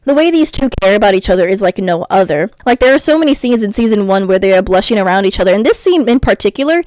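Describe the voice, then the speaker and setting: A woman's voice: medium pitch, fast talker, dry recording. Ranting young woman vlogger. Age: young adult. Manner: animated, swearing, chatty ranting. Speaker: YouTuber. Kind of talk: casual ranting vlog.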